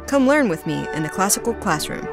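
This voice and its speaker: A woman's voice: medium pitch, big pitch swings, brisk. A woman hosting a classical music podcast, upbeat and laughing easily as she introduces and questions her guest. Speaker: podcast host. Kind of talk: scripted intro then interview chat.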